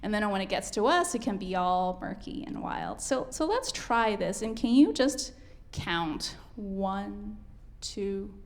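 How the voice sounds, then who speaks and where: A woman's voice: medium pitch, expressive, a little slow, few pauses. A woman teaching a piano masterclass, coaching a student and singing rhythms aloud as she counts.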